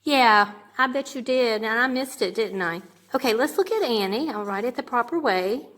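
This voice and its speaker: A woman's voice: on the high side, lively intonation, moderate pace, fairly bright tone. A woman teaching a grade two class remotely, patiently sounding out words and checking in with "okay?". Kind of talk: remote lesson for young children.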